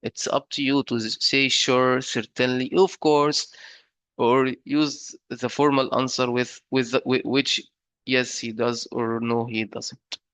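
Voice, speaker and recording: A man's voice: medium pitch, level tone, takes it slowly, a bit bright, clean tone, no room sound. A man teaching a beginner grammar lesson, explaining step by step with fillers and frequent checks like "right?". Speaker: English teacher.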